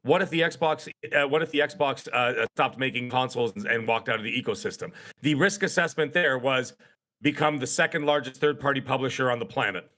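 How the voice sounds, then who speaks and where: A man's voice: mid-range voice, a little fast, sharp tone. A middle-aged man appearing as a guest on a casual podcast, making his points emphatically and repeating words for effect.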